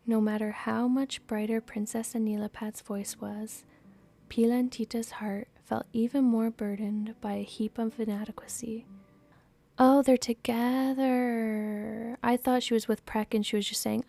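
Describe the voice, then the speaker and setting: Slow, gravelly woman gushing over a book. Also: on the high side, flat delivery, a little mellow, no echo. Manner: gushing, laughing asides, whispery narration. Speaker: podcast host reading a novel aloud. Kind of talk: book reading with excited commentary.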